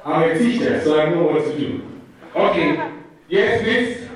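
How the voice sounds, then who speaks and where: A man teacher giving a lively talk to a live audience, playfully calling on people and leading call-and-response. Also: fairly high pitch, measured pace. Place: large room with an audience. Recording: echoey room, mic far off.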